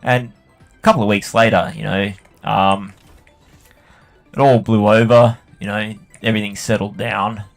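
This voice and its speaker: A man's voice: fairly low pitch, steady tone, measured pace, creaky, long pauses, faint music behind. A man telling a long, profane story about work while he plays a game. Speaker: gaming channel host. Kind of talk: rambling anecdote while playing a game.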